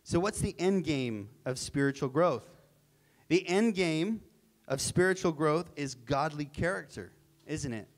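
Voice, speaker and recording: Male pastor, higher-pitched, earnest sermon delivery. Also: expressive, measured pace. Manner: earnest, emphatic, with repeated phrases.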